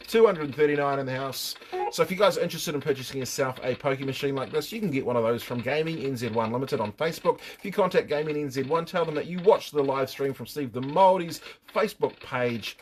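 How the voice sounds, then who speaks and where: A man's voice: fairly high pitch, a little fast, slight background noise. A middle-aged man with a New Zealand accent hosting a casual live stream, joking, swearing and reading out viewers' names.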